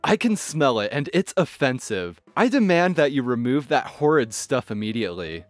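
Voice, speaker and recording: A man voicing a shrill, entitled middle-aged woman passenger who talks in a slow, emphatic, demanding way. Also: sing-song, dry recording, faint music behind, natural voice. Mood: indignant.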